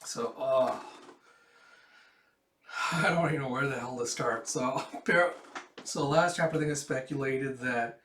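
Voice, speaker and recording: Guy reading and reacting to a comic, rambly, mid pitch, echoey room. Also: a little slow, long pauses, fairly bright tone, a little hiss or hum. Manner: rambling, with restarts and "it's like". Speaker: manga reaction host.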